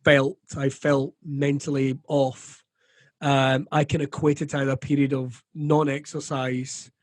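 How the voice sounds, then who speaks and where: A man's voice: mid-range voice, little pitch movement, a little slow, no room sound, studio quality. A middle-aged Scottish comedian talking candidly in an interview, swearing freely and acting out the voices of people he quotes. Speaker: comedian guest.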